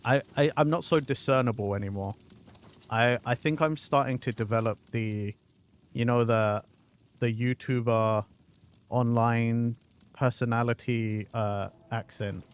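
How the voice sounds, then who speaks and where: A London man with a mild, mixed British accent streams a game, chatting casually, rambling and swearing often. His medium-pitched voice is steady and clean in tone, at a measured pace.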